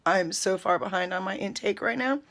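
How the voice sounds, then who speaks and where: A woman, chatting to her viewers in an animated, storytelling way while sipping coffee. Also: medium pitch, fairly quick. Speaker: spiritual vlogger. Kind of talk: casual spiritual talk to viewers.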